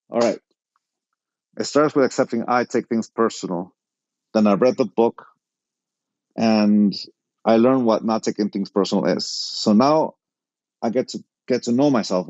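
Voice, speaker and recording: A middle-aged man tells a personal story with a mellow, dark-toned voice and acts out each line of dialogue. The sound is close and dry, a little dull and lo-fi. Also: fairly low pitch, a little slow, no room sound. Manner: animated anecdote-telling, quotes people in dialogue. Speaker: podcast guest.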